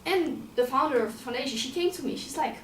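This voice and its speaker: Woman telling her own story, casual and blunt, kinda high voice, echoey room, faint noise behind. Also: expressive, fast talker, fairly bright tone. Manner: casual, plain-spoken, repeats and swears. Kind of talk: personal storytelling to an audience. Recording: roomy sound from a distant mic, faint ambience.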